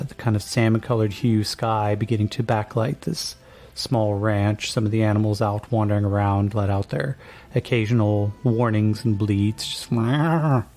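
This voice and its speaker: A man's voice: on the low side, darkish tone. A man narrating as game master of a tabletop game, laid-back and rambling with lots of fillers.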